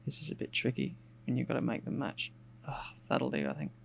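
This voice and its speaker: A man with an Australian accent, softened by some English RP, chats casually and rambles aloud while sketching on a live stream, with plenty of fillers and restarts. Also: mid-range voice, fairly quick, gravelly, slight background noise. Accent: Australian, with some English RP picked up. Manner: relaxed and rambling, thinking aloud with many fillers. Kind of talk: casual narration while drawing.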